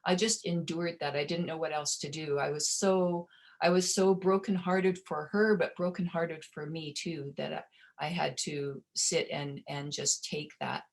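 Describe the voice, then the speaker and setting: Middle-aged woman, low-pitched, webinar presenter; gentle, heartfelt storytelling with restarts, video-call sound. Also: fairly even intonation, unhurried. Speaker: webinar presenter on provider well-being. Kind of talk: personal storytelling.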